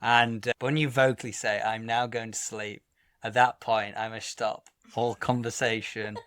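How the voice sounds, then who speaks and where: A man co-hosting a podcast in casual chat, laid-back, who swings between talking quietly and loudly. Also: on the low side, little pitch movement, normal speed, slight background noise. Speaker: podcast co-host.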